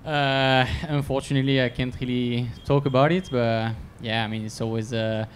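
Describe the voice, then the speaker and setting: A man, a racer answering at a post-race press conference, speaking haltingly with many filler sounds. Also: medium pitch, steady tone, slight background noise.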